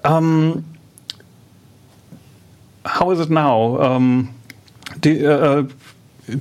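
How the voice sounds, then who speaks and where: Man interviewer with halting questions. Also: a little high, steady tone, darkish tone.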